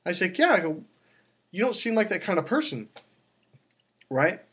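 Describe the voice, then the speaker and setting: A man coaching on dating, telling a long personal story in a casual way and acting out the people in it with sudden high exclamations. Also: moderate pace, husky. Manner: animated, acts out quotes with sudden high exclamations.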